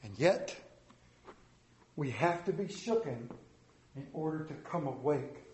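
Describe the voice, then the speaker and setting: A man's voice: a little high, lively intonation, unhurried, darkish tone, reverberant, a little hiss or hum, rough recording. A man preaching a sermon in an emphatic way, with dismissive asides.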